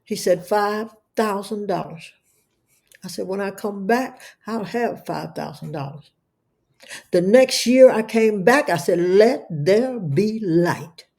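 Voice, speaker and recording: A middle-aged woman speaks as an interview guest, telling a testimony with fervent, preacher-like conviction. Her voice sits at a middle pitch. She often doubles back and repeats words as she builds each point. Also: measured pace, vocal fry, darkish tone. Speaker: guest, entrepreneur. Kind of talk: emotional testimony.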